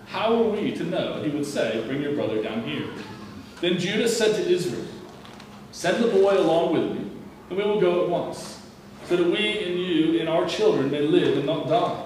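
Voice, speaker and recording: A scripture reader with a fairly high-pitched voice reads a Bible passage plainly and at an even, measured pace, sometimes tripping and restarting. He's recorded from a distance, sitting well away from the mic in a highly reverberant room with faint background hum.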